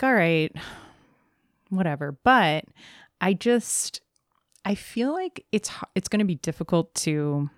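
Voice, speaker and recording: A woman's voice: sits low, no echo, clean studio sound. A woman in her thirties co-hosting a podcast, chatting casually and laughing often. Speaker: podcast co-host. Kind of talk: casual chat.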